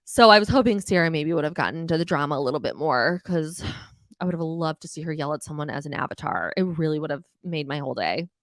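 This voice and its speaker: A young adult woman hosting a podcast, recapping reality TV in a casual, animated, exasperated way, swearing freely and mimicking the people she talks about. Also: deep voice, fast, no echo, studio quality.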